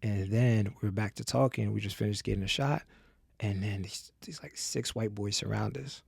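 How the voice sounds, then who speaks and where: A man with a gravelly voice at medium pitch tells a story on a podcast. He is casual and profane and acts out each person in his tale. The sound is dry and close to the mic. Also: normal speed, dry recording. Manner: animated, profane, acts out the people in his stories. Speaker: podcast guest.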